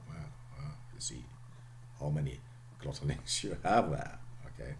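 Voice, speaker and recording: A man giving a lecture on speech sounds, halting and full of "okay" and "uh", sometimes dropping to a whisper at the end of a phrase. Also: rumbling low, huge pitch swings, fairly bright tone. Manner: halting delivery, frequent "okay" and "uh". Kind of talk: recorded phonetics lecture.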